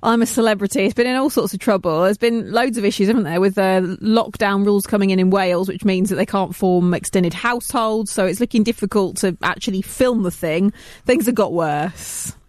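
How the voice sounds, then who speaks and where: A woman co-hosting a breakfast radio show, reading the news items in a brisk, matter-of-fact way. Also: mid-range voice, darkish tone, dry recording, studio quality. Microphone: studio microphone.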